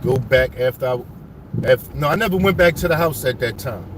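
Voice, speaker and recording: A man telling his life story to viewers as he drives around his old city neighborhood, animated and full of street slang. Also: medium pitch, brisk, noisy background.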